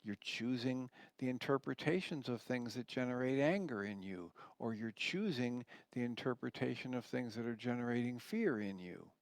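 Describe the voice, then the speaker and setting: A man's voice: mid-range voice, moderate pace, few pauses, no room sound. Earnest man explaining spiritual ideas. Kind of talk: radio teaching talk, reading and commenting on a book.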